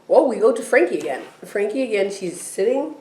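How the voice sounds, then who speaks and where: A woman co-hosting a casual recap chat, animated and acting out characters' lines in quick playful voices. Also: medium pitch. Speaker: podcast co-host recapping a TV episode. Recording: echoey room, far from the mic.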